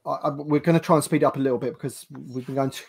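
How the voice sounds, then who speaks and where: A man's voice: mid-range voice, steady tone, rapid-fire, creaky, husky. A man hosting a casual livestream panel, talking with lots of ums and restarts over a video call. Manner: hesitant, many ums and restarts. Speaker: livestream host.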